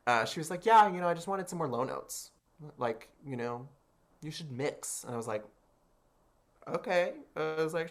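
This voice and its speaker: Man, interview guest, expressive storyteller; quotes others with high pitch swings, leans heavily on filler words. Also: moderate pace. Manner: expressive, acts out quoted voices with big pitch jumps; chatty, many "I was like" and "like" fillers. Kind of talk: animated storytelling.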